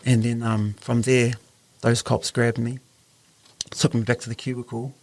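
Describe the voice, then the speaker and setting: Gravelly New Zealand man telling a story. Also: mid-range voice, flat delivery, a little slow. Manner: earnest, acts out the voices in his story. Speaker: podcast host. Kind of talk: casual podcast storytelling.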